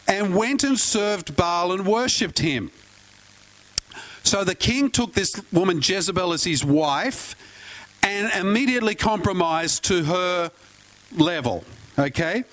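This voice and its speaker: An Australian man preaching a sermon. His voice sits high for a man. He talks to the congregation in a casual, chatty way, with folksy asides and frequent questions to them. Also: a bit bright, rough recording. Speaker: pastor.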